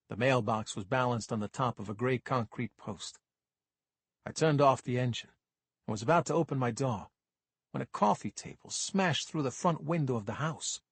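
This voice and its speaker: A man's voice: medium pitch, husky, dry recording. A man narrating a first-person crime audiobook in a dry, wry manner.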